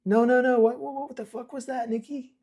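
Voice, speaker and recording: A man's voice: high-pitched, normal speed, warm tone, slightly rough, voice pushed up. A man voicing a confused, upset young man who repeats himself in agitation. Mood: agitated, confused.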